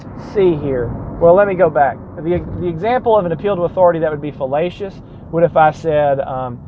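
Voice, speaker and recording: A man's voice: on the high side, a little fast, phone-quality sound, a little hiss or hum. A man from Georgia, hosting a rambling casual monologue full of self-corrections and sardonic asides.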